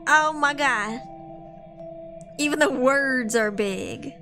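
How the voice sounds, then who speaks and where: A young woman streamer chats and reads with a playful, slangy manner, laughing often. Her voice is high. Music plays clearly underneath. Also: animated, measured pace, pauses often, pushed and bright. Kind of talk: casual live-stream chat and reading.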